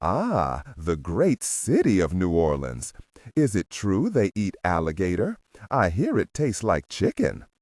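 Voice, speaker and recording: A hearty, nosy small-town storekeeper who pushes himself into every conversation, as a male narrator puts him on. His voice is husky and jumps high. The sound is dry. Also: wildly swooping pitch, a little slow, darkish tone, no echo, exaggerated voice.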